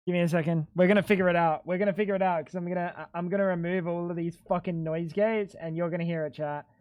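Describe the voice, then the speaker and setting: A man livestreaming a game, talking to his chat in an excitable, rambling way and swearing often. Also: high-pitched, fast talker. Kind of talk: casual gaming stream chatter.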